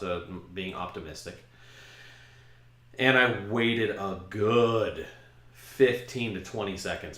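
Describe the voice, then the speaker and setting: A man hosting a podcast, casually telling a self-mocking story about his own past. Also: deep voice. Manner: self-mocking, animated retelling. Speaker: podcast host. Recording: roomy echo.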